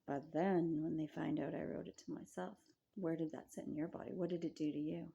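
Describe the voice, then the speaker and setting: A middle-aged woman, a wellness coach, talking reflectively to camera in a gentle, measured way with frequent rhetorical questions. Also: low-pitched, little pitch movement, vocal fry, husky, dull audio.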